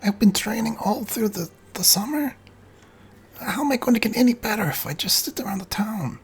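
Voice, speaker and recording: A woman playing a breathy, eager young trainee. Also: mid-range voice, a little fast. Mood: pleading. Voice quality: breathy, whispery. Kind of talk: tabletop role-play.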